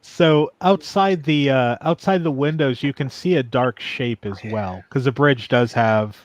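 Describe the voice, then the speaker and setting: A man's voice: medium pitch, a little slow, no room sound. A man running a tabletop game as game master, explaining the rules patiently with frequent ums and restarts.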